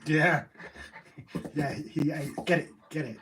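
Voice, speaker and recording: A man co-hosting a casual live stream, chiming in with relaxed short remarks. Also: on the high side, slow, background noise.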